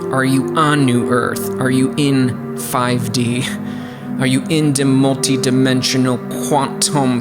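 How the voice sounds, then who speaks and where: A man hosting a casual music production tutorial hangout, rambling with lots of fillers and asides. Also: medium pitch. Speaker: host. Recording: loud music underneath. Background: loud music.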